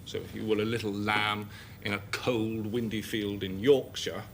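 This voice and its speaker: Quiz guest guy, lowish voice, telling a cosy little made-up story. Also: flat delivery, moderate pace, vocal fry, a little hiss or hum. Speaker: panel game guest. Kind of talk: telling a mock definition.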